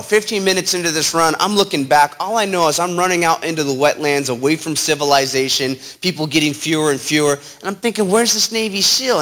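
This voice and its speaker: A man telling a personal story to an audience in an animated, dramatic way, acting out the other people's lines. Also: fairly high pitch. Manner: animated, dramatic retelling with quoted voices. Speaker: speaker.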